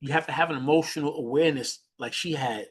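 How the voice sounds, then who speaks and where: A man leads a motivational mentoring lesson in a slightly raised, husky voice. He talks in an animated, loose way, repeating and restarting phrases as he works through a point. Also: quick pace. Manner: animated, restarts phrases often, jumps high when imitating others. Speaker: leadership mentor. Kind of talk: motivational teaching talk.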